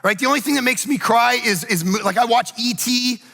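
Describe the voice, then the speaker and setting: A man in middle age delivers a chatty, story-driven sermon in a high, bright voice with a gravelly edge. He slips into little acted asides as he goes. The sound carries the long reverb of a church hall. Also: a little fast. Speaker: pastor. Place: church sanctuary.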